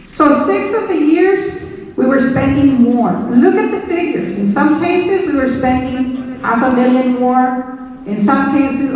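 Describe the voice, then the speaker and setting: A middle-aged female superintendent with a high-pitched yet darkish voice gives an emphatic speech to staff, driving her main points home by repeating them. The recording is echoey and distant, captured in a big auditorium.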